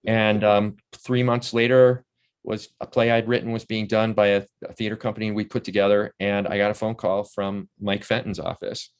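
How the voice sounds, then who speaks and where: A man in his sixties with a fairly low voice tells stories from his acting days in a relaxed interview. He is animated and keeps jumping into the voices of the people he quotes, raising his pitch for their lines. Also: moderate pace, clean tone. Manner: animated storyteller who acts out quoted voices. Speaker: interview guest, actor and playwright. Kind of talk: casual storytelling interview.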